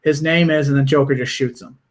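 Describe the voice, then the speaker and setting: A man's voice: a little high, brisk. A man co-hosting a casual podcast, eagerly retelling cartoon episodes and acting out the characters' lines. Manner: animated storyteller, acts out quoted lines. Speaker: podcast co-host.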